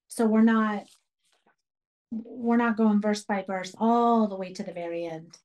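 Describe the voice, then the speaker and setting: A woman's voice: fairly high pitch, a little mellow, low-quality recording. A woman leading a Bible study for a women's group, earnest and emphatic, repeating key phrases as she teaches. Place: church radio program.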